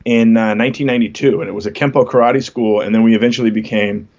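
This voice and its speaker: A man's voice: on the low side, steady tone, fast, a little mellow, dull audio. A man in his fifties, a comedian guest, chatting casually on a podcast and telling stories with self-deprecating jokes. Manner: laid-back storytelling, self-deprecating jokes.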